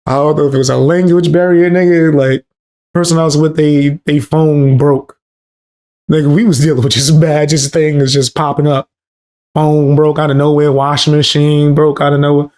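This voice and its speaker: A man's voice: fairly high pitch, little pitch movement, moderate pace, a little mellow, clear, resonant tone. A man from the Bronx with a New York accent, telling loose, profane stories in casual chat on a live stream. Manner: loose, profane storytelling with street slang.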